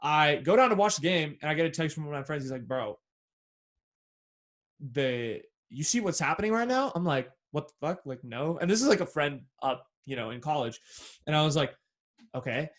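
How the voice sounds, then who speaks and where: With a brisk voice on the high side, a young Bay Area man hosts a podcast and tells a story in animated slang. This young adult from the San Francisco Bay Area swears freely and performs the quoted dialogue himself.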